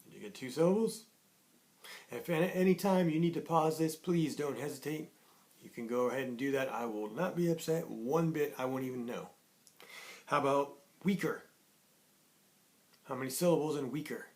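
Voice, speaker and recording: A man teaching young children in an online lesson, cheerful and patient, slowly sounding out words. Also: mid-range voice, darkish tone. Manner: cheerful, sings a greeting song, slow clear sounding out of words.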